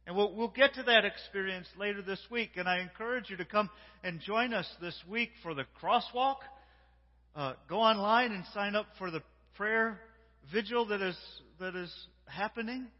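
Man, guest preacher, sermon, call-and-response, hushed to shouting, long church reverb, muffled sound. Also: sits high, moderate pace. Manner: swings between hushed and shouting. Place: large church sanctuary.

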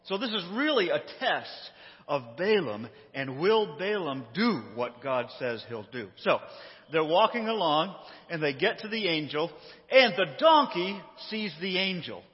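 Lively man telling a Bible story. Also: sits high. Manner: lively, acts out quotes, laughs often. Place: hall with live audience. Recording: dull sound, echoey hall.

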